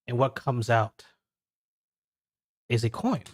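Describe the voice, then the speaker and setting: A man narrating as a game master in a descriptive, halting way, full of fillers. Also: mid-range voice, lively intonation, no room sound, clean studio sound.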